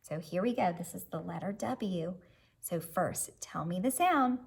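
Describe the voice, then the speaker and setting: Gravelly, husky-voiced woman teaching phonics. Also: fairly low pitch, lively intonation, measured pace. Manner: cheerful, encouraging, sound-by-sound phonics prompts. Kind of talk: early reading lesson for children.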